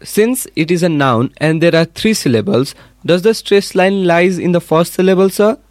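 A man's voice: high voice, normal speed, dry recording, studio quality. A male student asking polite, formal questions in class.

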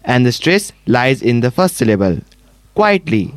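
Guy student reading out his answers, dry close sound, pitch moves around. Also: measured pace, dry recording. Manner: steady, repetitive recitation. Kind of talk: reciting answers in class.

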